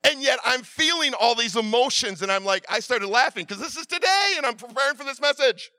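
A middle-aged man preaching a sermon, telling stories with many restarts and swinging from loud urging to quiet asides. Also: extremely high pitch, expressive, fairly quick, no room sound, studio quality. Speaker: pastor.

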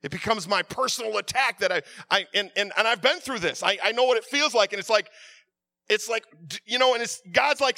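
High, bright male preacher, impassioned sermon delivery, stammers, swings from hushed to shouting. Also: brisk, no echo.

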